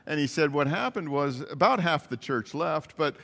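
A man's voice: fairly high pitch, animated, moderate pace, a bit bright, big-room sound. A man preaching a sermon, earnestly retelling stories with quoted dialogue. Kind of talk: sermon storytelling.

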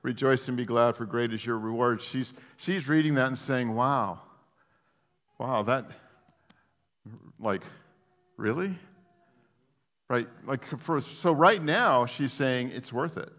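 A pastor delivers a sermon in a loose, conversational way. He is animated and often restarts his sentences, and his voice rings out in a church sanctuary with a long, lingering echo. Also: medium pitch, normal speed, hardly any pauses.

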